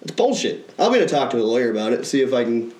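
A man's voice: medium pitch, very animated, fast talker, darkish tone, roomy sound. A man hosting a casual podcast, telling a story in a profane, ranting way. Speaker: podcast co-host.

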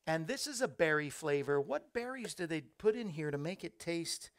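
Male host, gravelly voice, friendly running chatter into a studio mic. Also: a little high, lively intonation, normal speed. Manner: chatty, reads viewer comments aloud, upbeat asides. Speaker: show host. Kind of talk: casual live-stream chat. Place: small studio under hot lights. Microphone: studio microphone.

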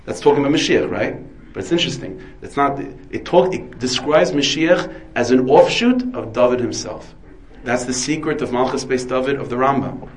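The speaker is a rabbi from the United States teaching Torah, leaning heavily on Hebrew and Yiddish words while questioning and answering himself. His pitch is medium, and the audio is poor.

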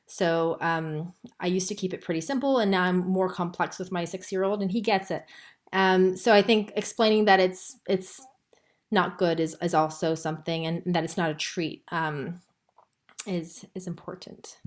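A woman speaking as a podcast guest and pediatric acupuncturist, in a measured, reflective way with frequent "um"s. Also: on the low side, fairly even intonation. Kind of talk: conversational interview.

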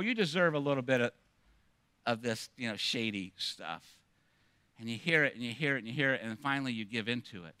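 Male pastor preaching, animated storytelling, bright forceful voice, clear and smooth, dry close sound. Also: mid-range voice, no room sound. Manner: animated, self-mocking storytelling with many restarts. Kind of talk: sermon.

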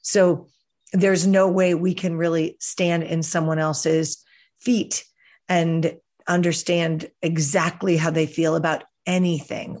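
Calm, earnest woman with a lowish voice. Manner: calm, earnest, gently coaching, slows for guided breathing. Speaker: podcast host. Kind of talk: reflective podcast monologue. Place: outdoors, hears birds and breeze.

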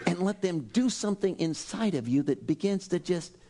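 Man, pastor, sermon, lively swooping pitch, exclaiming. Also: moderate pace, a little hiss or hum. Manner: animated, exclaiming, swings between loud and soft.

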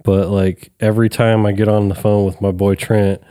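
A man's voice: on the low side, flat delivery, moderate pace, dark tone, dry recording, clean studio sound. A man co-hosting a casual podcast chat, laid-back and swearing freely. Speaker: podcast co-host.

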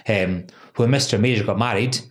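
A man's voice: fairly low pitch, a little fast. A man hosting a legal podcast, chatty and laughing often, with many "um"s. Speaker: podcast host, employment lawyer. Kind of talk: casual legal podcast chat.

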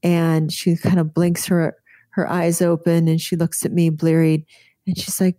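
A woman's voice: fairly low pitch, completely flat delivery, unhurried, dark tone, no room sound, clean studio sound. A woman physician and author telling a personal story in an interview, earnest and vivid, often restarting her sentences.

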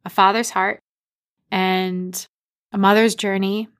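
A woman in her thirties, from the Boston area, telling a personal story in a lively, animated way. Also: medium pitch, takes it slowly. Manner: animated, acts out quoted dialogue.

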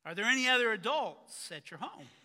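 Guy voicing a worried pastor on the phone, stammery, keeps restarting, bright voice. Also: extremely high pitch, very animated, a little fast, long reverb tail, heavily acted. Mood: puzzled. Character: polite, increasingly worried male pastor.

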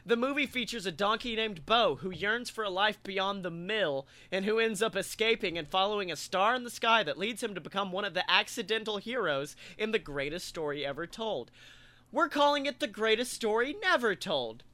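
High, bright-voiced man joking around. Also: moderate pace, no echo. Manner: animated, swearing, laughing through jokes. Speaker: podcast co-host. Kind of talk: casual comedic banter.

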